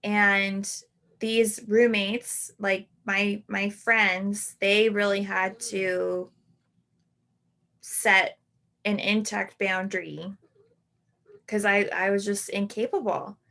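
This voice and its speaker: A woman in her thirties hosting a podcast, reflecting on a personal story in a halting way, full of "like" and restarts. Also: mid-range voice, flat delivery, a bit bright. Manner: halting, full of "like" and self-corrections. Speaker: podcast host.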